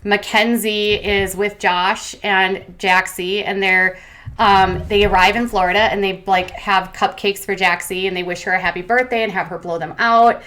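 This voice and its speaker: Brief: woman, casual commentary host, opinionated and chatty, mid-pitched. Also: fairly even intonation, moderate pace, fairly bright tone.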